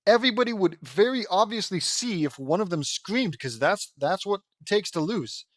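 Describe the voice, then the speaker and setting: A man's voice: high-pitched, animated, moderate pace, no room sound. A man reading fan fiction aloud and breaking off into sarcastic, mocking commentary. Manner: sarcastic, mocking, easily exasperated.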